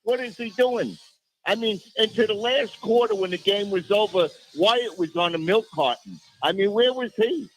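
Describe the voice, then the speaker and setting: A man's voice: high voice, lively intonation, normal speed, hardly any pauses, a bit bright, low-quality recording. A man calling in to a sports radio show, exasperated and repeating rhetorical questions. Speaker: caller. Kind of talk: phone-in rant.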